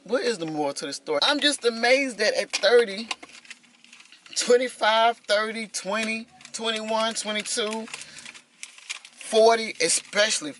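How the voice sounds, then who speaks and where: A woman's voice: a little high, unhurried, a bit bright, a little hiss or hum. A woman in her fifties talking casually to her vlog viewers, telling a story with lots of animation and calling them y'all. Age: 50s. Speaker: vlogger.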